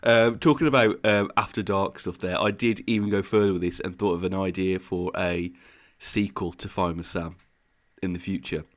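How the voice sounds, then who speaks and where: A man's voice: low-pitched, steady tone, moderate pace. A man co-hosting a podcast in casual chat, rambling through his explanations with frequent laughs. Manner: rambling, eager explainer who laughs often. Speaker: podcast co-host.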